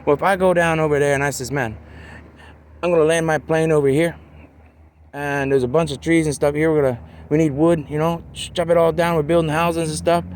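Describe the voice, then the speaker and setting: There's slight noise behind this man's somewhat high, evenly pitched voice. He talks in a meandering way, dropping "man" and "you know" throughout and slowing his delivery to stress particular words.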